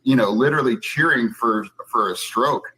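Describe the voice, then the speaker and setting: Halting man with a husky voice. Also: mid-range voice, sharp tone, rough recording. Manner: halting, full of fillers. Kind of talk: hesitant conversational remarks.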